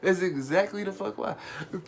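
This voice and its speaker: A man hosting a live radio show, telling stories in a profane, animated way and laughing as he goes. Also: high voice, normal speed, vocal fry, slight background noise. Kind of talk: casual storytelling rant.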